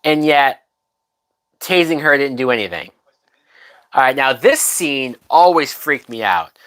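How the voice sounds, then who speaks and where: Male streamer, drunk and unhurried, rambling profane commentary that trails off mid-thought. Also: mid-range voice, expressive, fairly bright tone. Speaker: livestream host. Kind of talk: casual livestream movie commentary.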